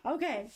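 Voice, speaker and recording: A woman vlogger talking casually and gushing with feeling as she reads. Her voice sits high and she exclaims often. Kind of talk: casual reading vlog.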